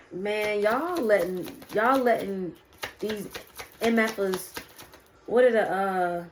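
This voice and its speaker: A woman's voice: medium pitch, extremely slow, slight background noise. A woman doing a casual spiritual card reading, preaching to her viewers and calling them "y'all" and "baby". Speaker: spiritual reader.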